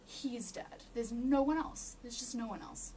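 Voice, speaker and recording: A woman giving an emotional personal testimony in an interview, halting with many restarts and near tears. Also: fairly high pitch, mellow, recorded from a distance, slight background noise. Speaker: interview guest.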